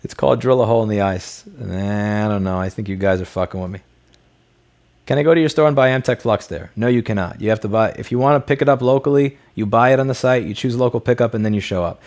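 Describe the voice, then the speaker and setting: A man with a somewhat low voice hosts a casual livestream Q&A. He reads chat messages aloud and answers them in a blunt, off-the-cuff way, swearing freely.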